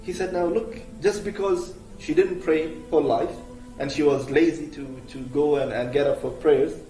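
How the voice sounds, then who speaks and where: A man's voice: a little high, steady tone, moderate pace, warm tone. A man preaching as he retells a religious story in a conversational way, with many fillers, restarts and Arabic religious terms. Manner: conversational, full of "you know" fillers and restarts. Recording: roomy, from a distance, faint music behind.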